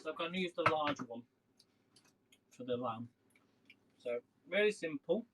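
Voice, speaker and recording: A man's voice: on the high side, animated, moderate pace, a bit bright, a little hiss or hum, poor audio. A man hosting a casual live cooking demo in his home kitchen, rambling and chatting to viewers as he works. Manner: chatty, rambling, talks to viewers while working. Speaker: cooking livestream host.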